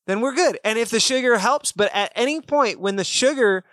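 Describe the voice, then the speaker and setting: A man's voice: extremely high pitch, brisk, fairly bright tone, dry recording, studio quality. A man co-hosting a casual faith podcast, explaining points earnestly with everyday examples. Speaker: podcast co-host.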